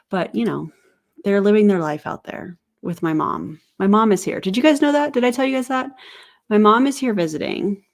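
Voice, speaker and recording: Sarcastic woman with a low voice. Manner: sarcastic, laughing asides. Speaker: commentary host. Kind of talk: reaction commentary on clips. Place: home, family heard in the background.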